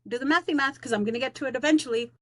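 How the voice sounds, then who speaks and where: A woman's voice: sits high, rapid-fire, no echo. A woman who is a teacher on leave, talking in a casual vlog rant, blunt, slangy, defiant and rambling with lots of fillers.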